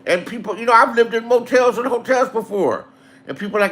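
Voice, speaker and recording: A man's voice: very high-pitched, a little fast, a bit bright. A man casually telling rambling, profane stories and acting out the people in them. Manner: crude, laughing, rambling, acts out quotes.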